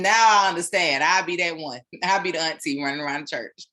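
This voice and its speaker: A woman, giving a casual, animated sermon-style motivational talk as a spiritual teacher, with repeated phrases. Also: low voice, moderate pace, few pauses.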